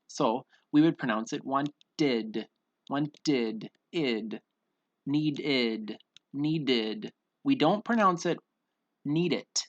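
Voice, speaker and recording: A man's voice: medium pitch, creaky, a bit bright, no echo, dull audio. A man teaching English pronunciation in an online lesson, patiently repeating each word for students to drill.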